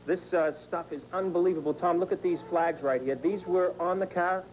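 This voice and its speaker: A man's voice: high voice, fairly even intonation, moderate pace, darkish tone, slight background noise, poor audio. A man working as a field reporter, giving an upbeat, chatty on-location TV report from indoors. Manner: upbeat, chatty, addresses the anchor by name. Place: indoor collection room on location.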